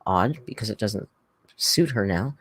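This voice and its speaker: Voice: mid-range voice, expressive, a little slow, fairly bright tone, slightly rough, dry recording, studio quality. A livestream host in casual reaction chat, rambling and chatty, reading out viewer comments.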